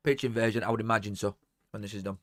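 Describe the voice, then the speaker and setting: A man's voice: fairly low pitch, fairly even intonation, rapid-fire, no echo, clean studio sound. A young man, casually commentating on a live match and bantering with chat. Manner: banter with chat, swings from mutters to shouts. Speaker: watchalong streamer.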